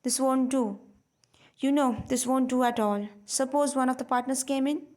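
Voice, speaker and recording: A woman's voice: fairly high pitch, fairly even intonation, moderate pace, darkish tone, natural voice. A woman reading the part of a fussy sixty-year-old male clerk who gets flustered. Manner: fussy, flustered, murmuring figures.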